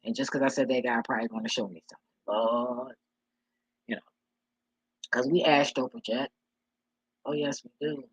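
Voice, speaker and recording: A blunt speaker, talking straight into the mic in a husky, slightly breathy voice. The delivery is preachy, profane street talk in a loose casual monologue, and the sound is close and dry with no room around it. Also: mid-range voice, steady tone, moderate pace, pauses often, no room sound, dull audio. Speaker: vlogger giving life advice.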